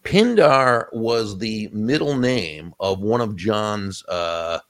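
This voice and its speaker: A man with a very low voice talks as an interview guest. He gives thoughtful, practical advice in an easy conversational way, often restarting his phrases as he thinks aloud. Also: animated, takes it slowly. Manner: reflective, advice-giving, frequent restarts. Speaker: guest author.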